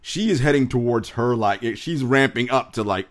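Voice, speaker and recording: A man hosting a podcast, chatting casually with a laid-back but animated manner. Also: medium pitch, moderate pace. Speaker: podcast host. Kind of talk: casual chat.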